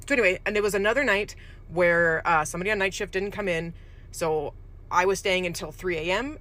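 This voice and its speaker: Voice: mid-range voice, bright, forceful tone. A nursing home worker telling a ghost story in a loose, rambling way. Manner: rambling, loose, with fillers and restarts. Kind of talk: casual storytelling.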